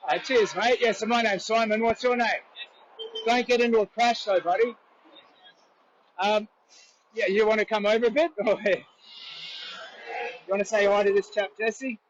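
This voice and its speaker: A high-pitched Australian man talks earnestly and rambles as he livestreams outdoors by a road. He holds his phone at arm's length, so the audio is dull and lo-fi. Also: steady tone, normal speed, long pauses, a little hiss or hum. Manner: earnest, rambling, chats with passers-by. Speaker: charity walker livestreaming.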